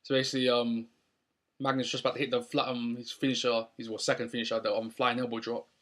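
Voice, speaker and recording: A man's voice: medium pitch, level tone, fast talker, fairly bright tone. A young man recapping a wrestling show in a casual, rambling way with lots of ums. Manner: rambling, many ums and restarts.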